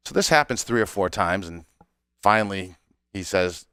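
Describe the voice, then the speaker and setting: A man's voice: deep voice, expressive, normal speed, sharp tone, smooth, dry recording. A man who runs a cigar company, a guest on a podcast, telling stories casually and laughing between lines. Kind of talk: casual storytelling chat.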